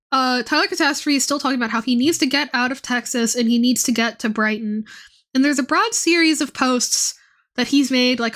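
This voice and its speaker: A woman's voice: on the high side, a bit bright. A young woman streaming and chatting casually, rambling with lots of fillers and swearing. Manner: rambling, profane, many fillers.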